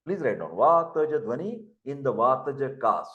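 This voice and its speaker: A man's voice: mid-range voice, very animated, moderate pace, a bit bright, lo-fi sound. An older man with an Indian English accent, giving a lecture, who repeats terms and spells words out for dictation. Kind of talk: classroom lecture. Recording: echoey room.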